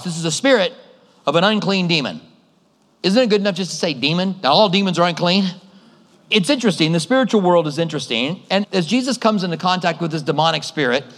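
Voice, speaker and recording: A man's voice: fairly high pitch, fairly bright tone. Man preaching in a reverberant hall. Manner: conversational storytelling with acted-out voices. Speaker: pastor. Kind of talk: sermon. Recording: long reverb of a large hall.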